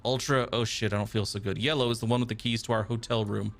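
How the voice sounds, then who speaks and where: A man voicing a sloppy drunk guy in a pink superhero suit for a text game, slurred and queasy speech, mid-pitched voice, faint music in the background. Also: steady tone, fast, fairly bright tone, close to an everyday voice.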